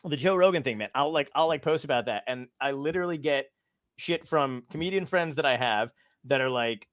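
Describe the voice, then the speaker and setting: A man's voice: medium pitch, no echo, clean studio sound. Rambling, hyper male podcast host. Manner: rambling, self-deprecating, restless. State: hyper and scattered. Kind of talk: casual chat.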